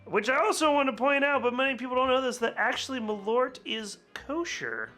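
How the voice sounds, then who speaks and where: A man with a very high voice hosts a casual cocktail-making vlog, sounding animated, brisk, pushed and bright, with faint music in the background. He's chatty, laughs often and drifts into rambling asides, and he's a little hungover.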